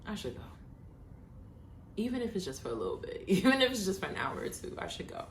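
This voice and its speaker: A woman hosting her own podcast, telling a casual story with animated, exasperated, swearing asides. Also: mid-range voice, racing, slight background noise. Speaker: podcast host. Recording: echoey room.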